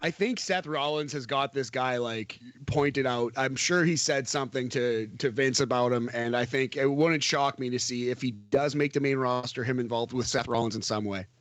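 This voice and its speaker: A man's voice: mid-range voice, normal speed, few pauses, a bit bright, no echo. A man co-hosting a podcast, chatting casually about wrestling in a detailed play-by-play way and laughing easily. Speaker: podcast co-host. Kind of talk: casual wrestling review chat.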